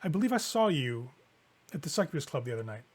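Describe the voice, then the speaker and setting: A man voicing a poised, guarded woman vampire who speaks politely and in a measured, cool way. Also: fairly high pitch, very animated, a little mellow, breathy edge.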